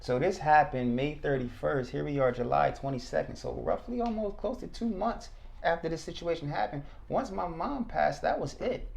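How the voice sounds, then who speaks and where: A man, a former state trooper, telling his story as a podcast guest, animated and acting out what people said. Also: on the high side, moderate pace, gravelly. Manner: animated, acts out quotes. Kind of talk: casual storytelling.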